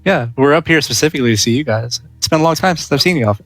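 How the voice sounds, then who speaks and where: A man's voice: mid-range voice, expressive, racing, fairly bright tone, no echo, faint music behind. Easygoing male tabletop player. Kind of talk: tabletop game play.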